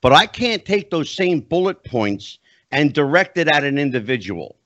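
A man's voice: a little high, moderate pace, no room sound. A man hosting a podcast, chatting casually and frankly, and owning up to his weaknesses. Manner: lively, talks straight up and self-deprecating. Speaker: podcast host. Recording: dry, slightly dull video call audio.

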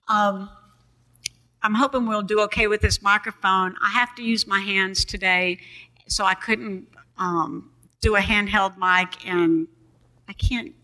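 Bright-voiced older woman preaching. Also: mid-range voice, fairly even intonation, a little slow, poor audio. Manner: calls for congregation response. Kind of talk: sermon. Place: church. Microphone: boom mic.

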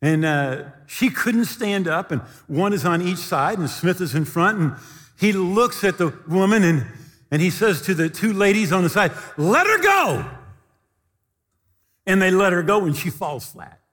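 A male pastor preaching a sermon, telling stories with animated delivery and shouting the quoted lines. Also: sits high, normal speed, in a large hall.

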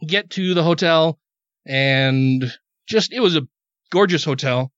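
A man's voice: fairly high pitch, a little slow, a bit bright, no echo. A man hosting a podcast, telling a rambling story in casual chat, cursing freely and repeating words when worked up. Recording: dull, dry podcast audio.

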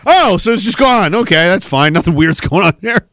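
A man hosting a podcast, reading chat messages in a sarcastic, animated way, laughing often and swearing. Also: high-pitched, brisk, few pauses, dry recording. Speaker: podcast host. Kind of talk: casual livestream commentary reading chat.

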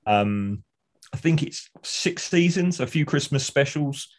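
Unhurried and expressive, a podcast co-host with a voice on the high side chats casually. He enthusiastically retells TV scenes and acts them out.

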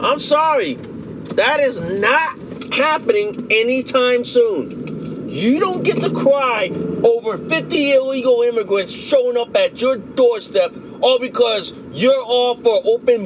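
A man with a very high voice rants in a heavy, drawn-out way, swearing and circling back to the same points. His voice comes through dull and muffled. Loud traffic noise runs behind him. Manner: profane, repetitive, heated ranting. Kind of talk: angry political rant vlog.

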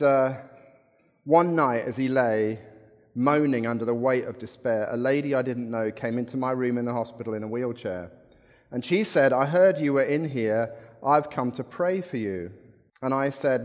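A man's voice: mid-range voice, unhurried, a little mellow. A middle-aged man preaching a sermon, telling a story in a conversational way with wry asides. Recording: long reverb in a hall.

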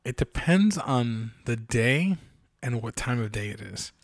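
Man in his 40s, dry self-deprecating co-host, mid-pitched, in a dead-dry room. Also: expressive, unhurried, gravelly, no room sound. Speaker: podcast co-host. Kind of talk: casual chat.

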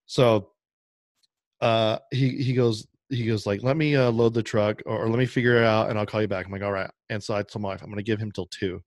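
A man's voice: on the low side, fairly quick, no room sound, studio quality. A man on a podcast telling a long, rambling story in casual chat, acting out the other people's lines as he goes. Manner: rambling, animated anecdote with quoted dialogue. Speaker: podcast co-host.

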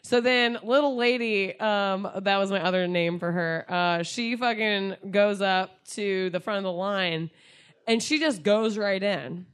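A woman's voice: medium pitch, unhurried, smooth. Profane young woman telling a wild story. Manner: profane, animated storytelling with acted quotes. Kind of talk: telling a story in a group chat.

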